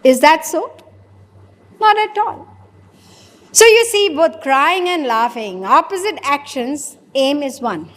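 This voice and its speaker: A woman preacher, her voice pitched high as she poses questions to the audience and answers them herself. A long reverb from the hall trails after each phrase. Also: animated, slow pace, pauses often, a bit bright. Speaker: spiritual preacher. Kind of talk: sermon.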